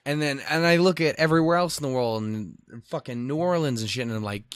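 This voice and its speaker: A young man from Montana rambles through a casual podcast rant, swearing freely and breaking into lively put-on quotes. His voice sits at an ordinary pitch for a man. The sound is dry and close, with no room around it. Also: brisk, few pauses, smooth, dry recording. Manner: profane, rambling, animated quoting. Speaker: podcast host.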